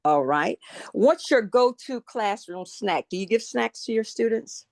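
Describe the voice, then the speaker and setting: A middle-aged woman co-hosting a podcast, upbeat, running a quick question round and repeating answers back. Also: a little high, animated, a little mellow. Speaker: podcast co-host. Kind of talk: casual interview chat.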